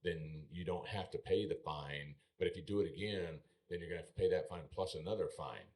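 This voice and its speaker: A man's voice: low-pitched, brisk. A middle-aged man, a former rodeo bullfighter, telling stories in a podcast studio and acting out the exchanges he quotes. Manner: animated storyteller, acts out quoted exchanges. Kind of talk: casual storytelling.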